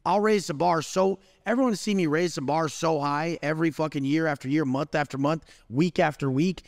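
A man's voice: fairly high pitch, moderate pace, no room sound, studio quality, in a large hall. A man delivering a profane, aggressive motivational rant as an interview guest. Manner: aggressive, swearing heavily. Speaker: guest speaker.

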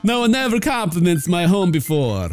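A man's voice: sits high, sing-song, moderate pace, darkish tone, faint music behind. A man voicing a formal, lecturing goth vampire dad, speaking in a mock vampire accent as if his teeth were too big. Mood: courtly.

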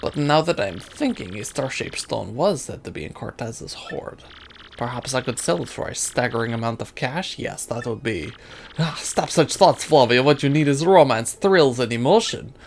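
With an animated, gravelly, medium-pitched voice at normal speed, a man plays a pompous, vain wealthy trader in a let's play, hamming up a fake French accent in a theatrical, grandiose way. A little hiss or hum sits under the audio.

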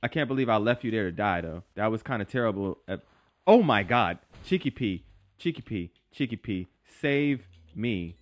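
A young man giving excitable, slangy commentary while he plays a game, yelping and talking to his creature. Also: mid-range voice, a little slow, dry recording. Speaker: gaming YouTuber. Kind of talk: live gameplay commentary. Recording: faint game music behind.

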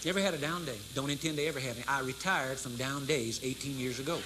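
A man in his fifties preaching a sermon to a live congregation, emphatic and repetitive, moving between loud proclamation and low intense talk. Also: fast, noisy background. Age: 50s. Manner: emphatic, repeats key phrases for effect. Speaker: pastor. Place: large church service with congregation responding.

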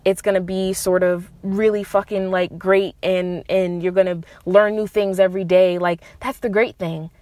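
A woman's voice: mid-range voice, normal speed, hardly any pauses, no echo. Woman podcast host, young adult, blunt, swears freely, emphatic, dry close sound. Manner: blunt and profane, emphatic, animated rises on key points. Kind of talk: casual monologue giving relationship advice.

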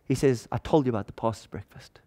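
A man's voice: mid-range voice, fast. Man preaching, telling a personal story. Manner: animated storytelling, acting out quoted dialogue. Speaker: pastor. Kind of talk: sermon storytelling.

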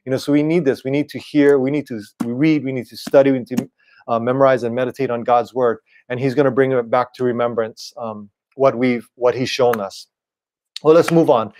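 A man preaching an online sermon in a relaxed, conversational way, often checking in with "right?". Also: medium pitch. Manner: casual, repeats "right?" and "you know". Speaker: pastor.

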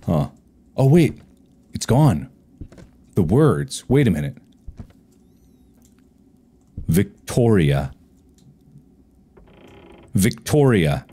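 A man's voice: lowish voice, very animated, slow pace, long pauses, dark tone, breathy edge. A man playing a horror game alone, teasing and taunting an unseen ghost with sudden yelps. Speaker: game streamer.

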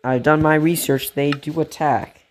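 A man giving casual, rambling commentary while playing a game, gasping and getting excited at cute animals. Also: a little high, moderate pace, a little hiss or hum. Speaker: let's play gamer.

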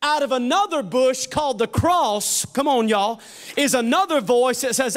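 A male pastor with a very high voice preaches a sermon at normal speed in a large church sanctuary, where his folksy delivery rings out. He turns fervent, rising to shouts before dropping to quiet, joking asides, with a long reverb trailing every phrase.

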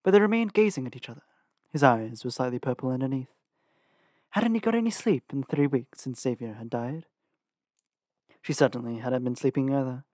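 Male fan audiobook narrator, steady reading, mid-pitched, very dry close sound. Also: fairly quick, pauses often, no echo. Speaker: audiobook reader.

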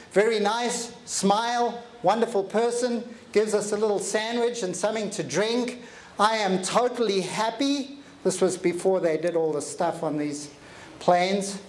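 A man giving an energetic, animated motivational talk, telling stories and joking with a live audience in a hall. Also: sits high. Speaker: motivational speaker. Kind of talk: keynote storytelling to a live audience. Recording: echoey hall with faint ambience.

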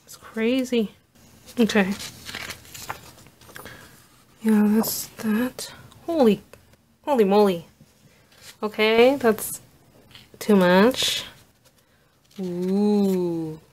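A woman vlogger narrating an unboxing, gushing with awed exclamations and soft asides. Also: medium pitch, extremely slow, long pauses, a little hiss or hum.

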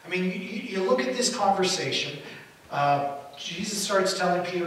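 A man preaching a sermon as pastor, telling the story in an animated way and acting out the quotes. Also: high-pitched, moderate pace. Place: church hall. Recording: echoey hall from far off, faint hiss.

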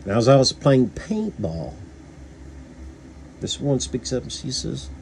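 A man's voice: medium pitch, big pitch swings, slow, vocal fry, darkish tone, slight background noise. A man from Kentucky with a Kentucky accent, casually reviewing a book, rambling with many fillers and restarts.

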